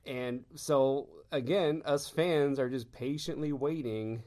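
A man from Texas telling fan anecdotes in casual chat, animated and laughing often as he acts out quotes. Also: medium pitch, slow.

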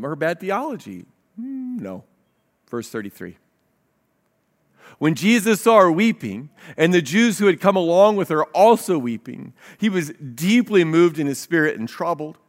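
A man's voice: high voice, sing-song, a little slow. A man preaching a sermon as pastor, reading scripture aloud and speaking earnestly, often repeating words as he restarts.

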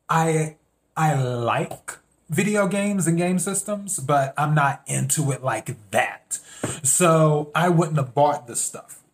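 A man hosting a podcast, telling a story in a casual, meandering monologue and acting out his own thoughts in quotes. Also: fairly high pitch. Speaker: podcast host.

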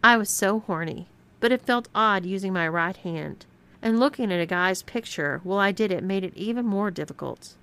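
A woman reading a scripted first-person story aloud as narrator, with expressive storytelling. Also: mid-range voice, normal speed, clear, resonant tone.

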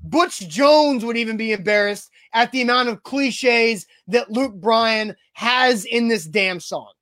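A man's voice: very high voice, a little slow, fairly bright tone. A man co-hosting a sports talk show, ranting emphatically in a casual, exasperated way.

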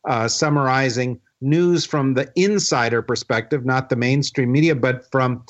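A man's voice: medium pitch, normal speed. Rambling man hosting a podcast. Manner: rambling, filler-heavy announcements. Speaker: podcast host. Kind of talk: casual podcast chat.

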